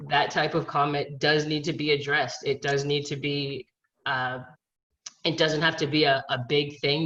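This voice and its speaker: Woman coach, bright forceful tone, earnest and explanatory; dull lo-fi video call sound. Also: low-pitched. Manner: earnest, explains with scenarios and rhetorical questions. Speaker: college field hockey coach. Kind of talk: panel discussion.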